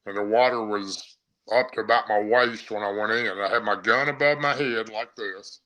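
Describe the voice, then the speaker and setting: Bright-voiced middle-aged man telling a story. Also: on the low side, moderate pace, rough recording. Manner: rambling, vivid first-person storytelling. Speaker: podcast guest. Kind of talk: casual storytelling.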